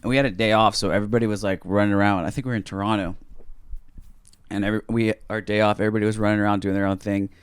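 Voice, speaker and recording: Young male podcast co-host from California, smooth voice, bone-dry close mic, casual profane storytelling. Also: fairly low pitch, little pitch movement, rapid-fire, no room sound.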